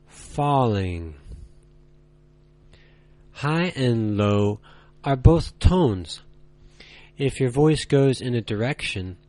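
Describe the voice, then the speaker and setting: A man teaching a language lesson, speaking slowly and deliberately with long pauses and drawn-out words. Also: medium pitch, a little mellow. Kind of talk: slow, deliberate tutorial.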